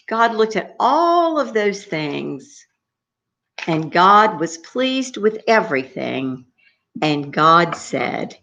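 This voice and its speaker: A woman reading a story to young children, gentle and sing-song, often pausing to ask them questions. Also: on the low side, very animated, gravelly, lo-fi sound.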